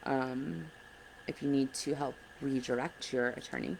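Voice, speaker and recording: A woman's voice: rumbling low, fairly even intonation, a little slow, gravelly, darkish tone, a little hiss or hum, rough recording. A woman in her thirties giving earnest, blunt advice to other parents in a casual vlog, sounding frustrated. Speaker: parent advocate vlogger. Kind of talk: casual direct-to-camera advice.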